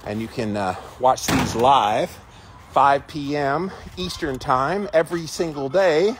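Outdoors on a casual livestream, a man with a medium-pitched voice speaks slowly amid background noise. He talks emphatically and greets viewers by name while chickens cluck nearby.

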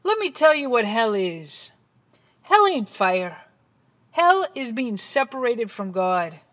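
A woman preaching a dramatic sermon that swings between hushed passages and loud ones. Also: a little high, big pitch swings, slow.

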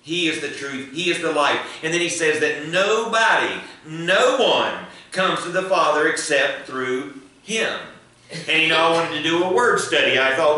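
A man's voice: on the high side, lively intonation, unhurried, sharp tone. A man preaching a sermon as pastor, building emphasis and leading prayer. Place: church sanctuary. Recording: echoey church hall, mic at a distance.

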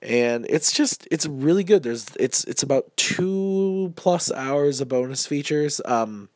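A man's voice: fairly high pitch, animated, slow pace, dry recording, studio quality. A man with a stuffy head cold giving a casual, upbeat movie review, with lots of ums.

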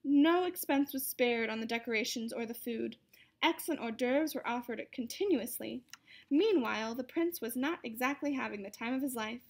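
Woman reading a kids storybook out loud, high-ish voice, steady pace, fixes a word here and there. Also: moderate pace. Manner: steady reading with occasional slips and self-corrections. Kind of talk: reading a picture book aloud.

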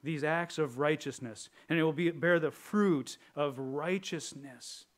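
A man preaching from the pulpit in a somewhat high voice. He is animated and humorous, with lively, raised bursts. For his serious points he drops to a quiet, earnest tone. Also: a little slow. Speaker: pastor. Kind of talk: sermon.

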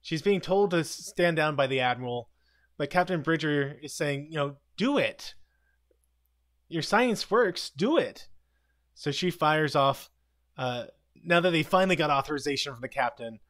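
A man hosting a casual live stream, retelling a TV episode scene by scene with quick quoted lines and frequent chuckles. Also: fairly high pitch, a bit bright. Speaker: live commentary host.

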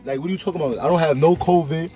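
High-voiced young man teasing in a car. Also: very fast, music in the background.

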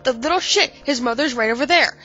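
A woman's voice: sits high, fast, bright, forceful tone, breathy edge, highs cut off, faint music behind. A woman with a stuffy nose giving casual, profane and exasperated commentary on her game. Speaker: let's play gamer.

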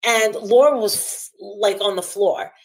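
A woman's voice: medium pitch, unhurried. A woman hosting a livestream, ranting heatedly and combatively, swearing constantly and repeating herself for emphasis. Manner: talks over others, repeats herself for emphasis. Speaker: livestream host.

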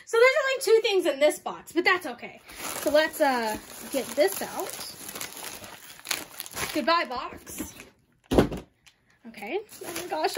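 A young woman vlogger unboxing merch, bubbly and excitable, often laughing and repeating exclamations. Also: high voice, slow pace, long pauses, very noisy. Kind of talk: unboxing vlog, casual chat.

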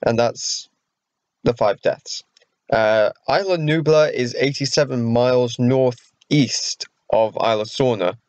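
A man's voice: medium pitch, slow, no echo. Rambling young man, dull dry sound. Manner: rambling, many fillers, excited fan. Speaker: vlogger. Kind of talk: casual vlog talk.

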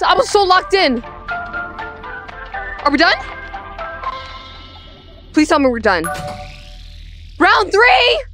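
A woman playing a VR game and commenting as she goes, excitable and quick to yelp apologies. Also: very high voice, music in the background. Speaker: gaming YouTuber. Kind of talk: let's play commentary.

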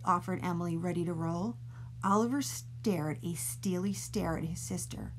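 A woman librarian reading a silly bedtime story aloud to children, playful and expressive, stretching out her words. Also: on the low side, moderate pace.

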